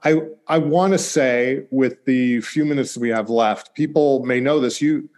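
A man hosting an interview, brisk and guiding, with a joking edge. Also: medium pitch, a little mellow. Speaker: host. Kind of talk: casual interview talk.

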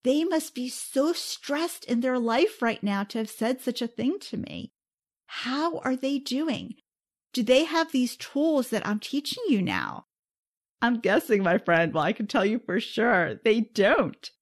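Earnest woman podcast host, slightly high voice. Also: lively intonation, unhurried. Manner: warm, earnest and encouraging, addresses listeners directly. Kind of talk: self-help podcast talk.

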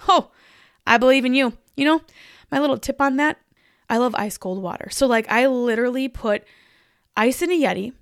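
A woman's voice: sits high, moderate pace, pauses often, no echo, studio quality. A woman hosting a podcast, giving an upbeat, encouraging pep talk straight to the listener. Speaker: podcast host.

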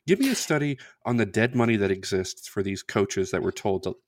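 A man's voice: on the low side, very animated, a little fast, no echo, studio quality. A man hosting a sports podcast who speaks in a blunt, indignant, profane way. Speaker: podcast host. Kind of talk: casual sports podcast rant.

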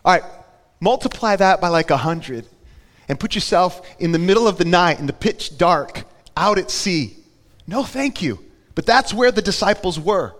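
A man's voice: high voice, animated, normal speed. Man preaching in an echoing church. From Florida. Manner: conversational, asks the congregation questions, rises to loud emphatic peaks. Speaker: pastor. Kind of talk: sermon.

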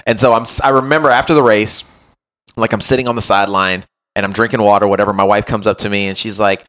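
Lowish guy voice, podcast host telling a story on himself, lively and chatty, keeps saying right?. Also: quick pace. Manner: animated, self-mocking, keeps adding "right?". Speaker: podcast host and run coach. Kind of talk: casual storytelling chat.

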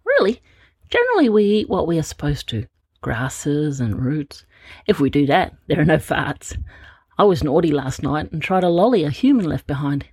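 A woman plays a drowsy, chatty wombat lady with a lively, rising and falling voice. Her tone is a little husky and sits close and dry, as in a storybook reading. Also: low voice, normal speed, no echo, full character voice. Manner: drowsy, chatty, plain-spoken. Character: sleepy friendly female wombat.

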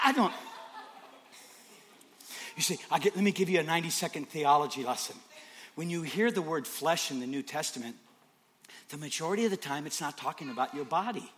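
Male preacher, higher pitch, very lively delivery, jumps from whispers to shouts, emphatic repetition. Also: brisk, pauses often, slight background noise. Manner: dramatic swings from hushed whispers to shouts. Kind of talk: sermon.

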